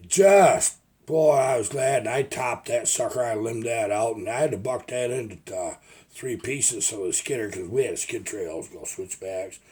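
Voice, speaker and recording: A man's voice: mid-range voice, a little mellow, husky. An older man, a logger turned video maker, telling rambling folksy stories in a casual vlog. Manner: rambling folksy storytelling with restarts. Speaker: retired logger vlogger.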